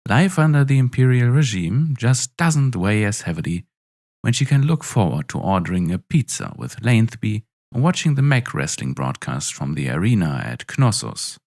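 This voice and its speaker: A man narrating a story in a wry, expressive way. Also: on the low side, moderate pace.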